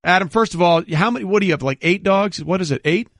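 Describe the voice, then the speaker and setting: A man's voice: sits high, fast talker, fairly bright tone. A man hosting a sports radio show, with wry, teasing banter toward his guests.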